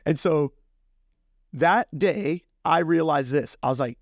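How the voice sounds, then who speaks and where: A man's voice: on the high side, animated, moderate pace, vocal fry, dry recording, clean studio sound. Man telling a motivational story. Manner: storytelling, conversational, addresses listener directly. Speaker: podcast host. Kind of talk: motivational business talk.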